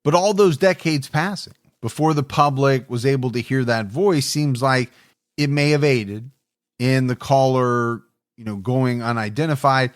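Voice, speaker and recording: A man narrating a true crime podcast in a measured, reflective way. His voice sits in an ordinary middle pitch. The recording is dry and close, with no room sound. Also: dry recording. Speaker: podcast co-host.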